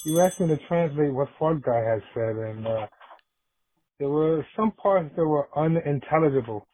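A man's voice: a little high, expressive, moderate pace, noisy background. A man leaving a laid-back, amused voicemail, hesitating as he reads something out. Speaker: caller. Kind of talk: voicemail message.

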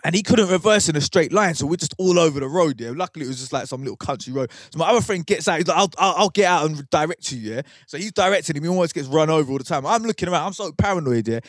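Speaking rapid-fire and barely pausing, a young man with a slightly high voice rambles through a casual story on his podcast, cursing and using plenty of slang. It's an animated, studio-quality recording with no room sound.

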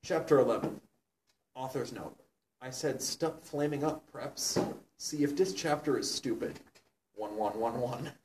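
A man's voice: medium pitch, measured pace, darkish tone. A young man reads aloud with mock seriousness and stops now and then to comment. His voice sounds a little far from the mic in a roomy, echoing space. A faint hiss sits underneath. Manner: mock-serious, breaking into laughter and asides. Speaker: reader of a fan story. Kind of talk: comedic dramatic reading.

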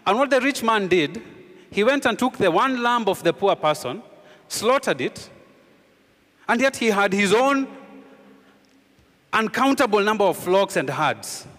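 A man preaching a sermon as pastor, emphatic, with rhetorical questions, often sinking low and quiet to drive a point home. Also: very animated, a little slow, pauses often, long reverb tail.

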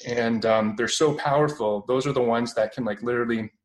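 A young Canadian man in his 20s speaks a little fast in an ordinary mid-range voice as a radio interview guest recounting his experiences. He keeps reaching for words, with many fillers and restarts, staying casual and conversational on a low-quality recording.

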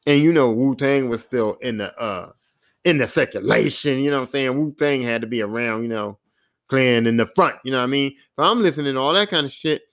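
This fortysomething man, hosting a podcast, rambles through a self-deprecating tale laced with profanity. He talks fairly quickly at a medium pitch, with a fairly bright tone, in a relaxed storytelling style.

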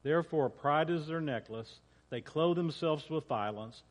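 Pastor reading a psalm in a reverberant hall. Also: male voice, on the high side, a little slow. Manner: conversational, repeats and corrects himself. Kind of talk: sermon with scripture reading. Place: church sanctuary. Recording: long church reverb.

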